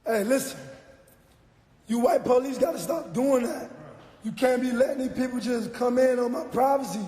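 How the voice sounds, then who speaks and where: Agitated man, strikingly high voice, shouting profanities in an outdoor standoff. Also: normal speed, slightly rough. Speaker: homeowner arguing with police.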